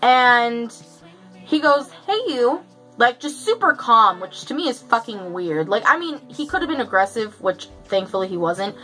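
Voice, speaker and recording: A woman's voice: on the high side, sing-song, moderate pace, sharp tone, soft background music, poor audio. A young woman chatting through a story for her vlog, casual and profane, full of fillers. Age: young adult. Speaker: vlogger.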